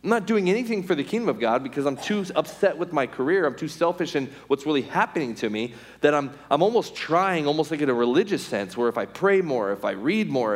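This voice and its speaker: Middle-aged man, storytelling testimony, animated and expressive, mid-pitched voice, acts out quotes. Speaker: former pro baseball pitcher giving a testimony.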